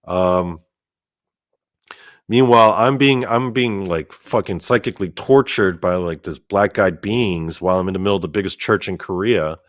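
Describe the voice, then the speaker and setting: Low-voiced man telling a wild story. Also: normal speed, dry recording, clean studio sound. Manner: animated and profane, heavy use of "like". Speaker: storyteller host. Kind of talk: casual storytelling monologue.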